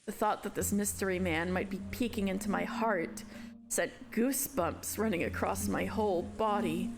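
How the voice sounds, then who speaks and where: A woman reading aloud the lines of a proud, anxious middle-aged noblewoman in a plain, measured way. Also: mid-range voice, natural voice. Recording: voice over loud music.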